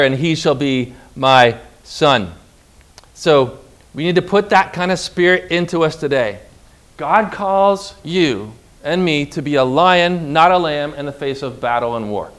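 A man preaching a sermon in an emphatic, animated way, retelling Bible stories. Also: on the high side.

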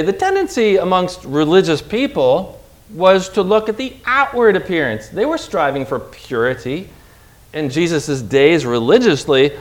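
A man preaching a sermon with an object lesson, swinging from quiet asides to loud, emphatic lines. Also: high voice. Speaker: pastor.

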